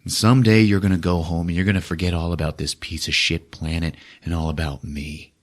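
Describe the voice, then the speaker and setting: A man voicing a weary, gruff human castaway speaking tenderly to an alien child. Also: deep voice, level tone, fairly quick.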